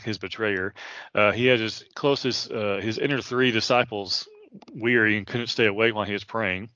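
A man's voice: lowish voice, pushed and bright, no echo, dull audio. A man in his late thirties, a preacher, teaching a Bible passage in an earnest, casual way with many fillers and restarts. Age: 30s.

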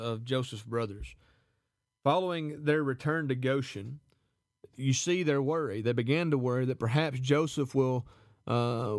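A man teaching verse by verse from scripture, reading passages aloud and then explaining them in a measured way. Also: mid-range voice, no room sound, studio quality. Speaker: Bible teacher.

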